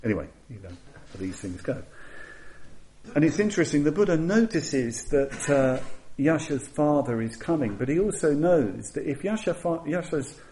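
A man giving a dharma talk as a Buddhist teacher, measured and deliberate, repeating phrases for emphasis and dropping to a soft hush at key moments. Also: fairly high pitch, very animated, a little hiss or hum.

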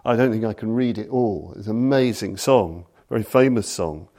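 A man lecturing on Buddhism, telling a story slowly and deliberately and reading passages aloud. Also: on the low side, mellow.

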